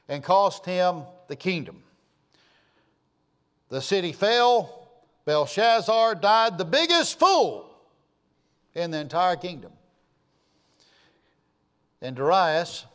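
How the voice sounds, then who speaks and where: A man preaching a sermon, emphatic and fond of repeating his key phrases. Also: on the high side. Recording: long hall reverb.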